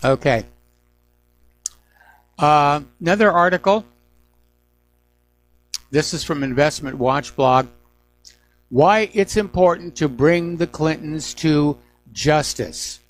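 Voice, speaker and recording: A man's voice: fairly high pitch, takes it slowly, long pauses. Indignant middle-aged male radio host. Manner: indignant, emphatic opinion. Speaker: radio talk show host. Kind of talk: news talk radio commentary.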